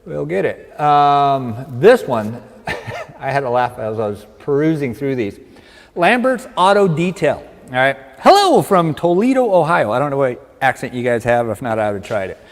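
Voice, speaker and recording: A man's voice: mid-range voice, big pitch swings, moderate pace, long reverb tail. A man co-hosting a livestream in casual chat, upbeat, reading out viewer comments and joking. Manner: upbeat, reads out comments and jokes.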